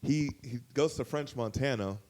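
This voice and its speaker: Man telling a rowdy story. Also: normal speed. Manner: animated, profane, jumps to high loud pitch when quoting others. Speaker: guest storyteller. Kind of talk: casual storytelling.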